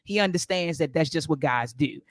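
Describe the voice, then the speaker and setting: Animated middle-aged woman telling stories. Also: low-pitched, normal speed, no echo, clean studio sound. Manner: animated storytelling with quoted dialogue. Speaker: co-host. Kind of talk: casual podcast talk.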